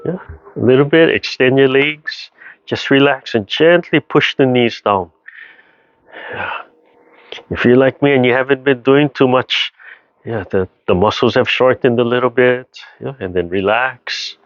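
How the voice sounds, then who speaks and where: A man teaching a seated tai chi and qigong class over a video call, giving slow, gentle instructions with sighing breaths. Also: mid-range voice, no room sound, muffled recording. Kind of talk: guided seated exercise class.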